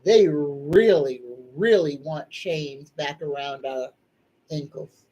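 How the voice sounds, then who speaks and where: A middle-aged woman hosts a casual live psychic chat in a low voice, speaking slowly, with the highs cut off. Her manner is folksy, emphatic, and preachy, yet also tearful and soft-spoken.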